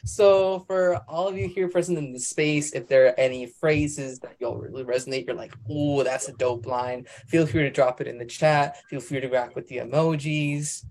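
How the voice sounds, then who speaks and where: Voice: mid-range voice, moderate pace, hardly any pauses, a little mellow. A host of an online open mic on a video call, enthusiastic and encouraging, with casual slang.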